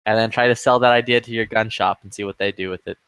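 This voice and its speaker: A young man chats with a friend in a blunt, crude, joking way. His voice is bright and tense. The sound is dry and close. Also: on the low side, fairly even intonation, quick pace, smooth, no room sound. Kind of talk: casual chat with a friend.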